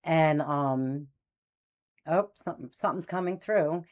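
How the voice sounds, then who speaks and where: A woman in her sixties, a spiritual medium host, telling personal stories in a lively way and acting out the voices of the people in them. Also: low-pitched, measured pace. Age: 60s. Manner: animated, acts out quoted voices. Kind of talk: personal storytelling.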